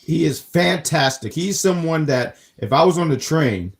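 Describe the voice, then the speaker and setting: A man's voice: on the high side, lively intonation, normal speed, creaky. A man co-hosting a wrestling review show in casual chat, joking and rambling with stammered restarts.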